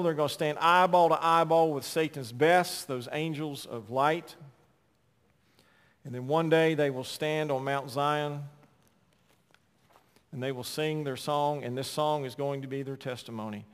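A pastor preaches to his congregation, his voice sitting a little high for a man. He rises to loud, emphatic cries and drops back to hushed storytelling. A long reverb trails his words through the hall. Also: fairly even intonation, a little slow, clean tone. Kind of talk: sermon.

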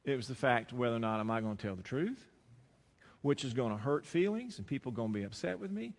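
A man's voice: mid-range voice, animated, fast, long reverb tail. A man preaching a sermon, moving from a personal story to emphatic preaching. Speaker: pastor.

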